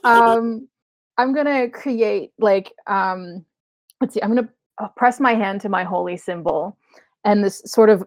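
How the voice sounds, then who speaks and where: A woman's voice: medium pitch, measured pace, no echo. A woman playing a tabletop game, describing her character's actions in a rambling way full of fillers. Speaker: player.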